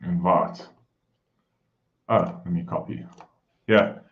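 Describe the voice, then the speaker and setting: Deep-voiced man, muffled stream. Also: slow. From South Africa. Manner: friendly, greets viewers by name, keeps voice down. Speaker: livestream host. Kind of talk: casual live-stream chat. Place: home room.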